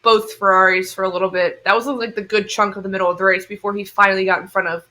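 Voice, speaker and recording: A young woman co-hosting a podcast, telling stories in an animated way and laughing often. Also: mid-range voice, quick pace. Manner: animated storytelling with frequent laughs. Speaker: podcast co-host. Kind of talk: casual chat.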